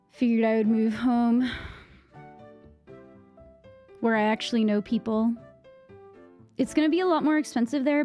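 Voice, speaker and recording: A woman's voice: on the high side, mellow. Chatty young woman with a Boston accent. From Massachusetts. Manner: rambling, many fillers and restarts. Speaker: live streamer. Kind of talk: casual chat with stream viewers. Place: at home. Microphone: microphone on a boom arm.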